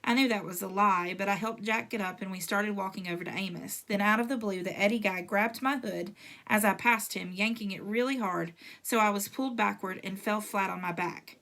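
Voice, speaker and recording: A woman reading a novel aloud with a steady storytelling pace. Her voice sits in a middle pitch and stays even. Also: brisk. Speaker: reader.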